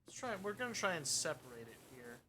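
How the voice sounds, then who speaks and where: A man's voice: a little high, big pitch swings, quick pace, bright, forceful tone, a little hiss or hum. A man streaming a cleaning game, casually narrating his progress in muttered asides and dry jokes. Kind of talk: casual gameplay commentary.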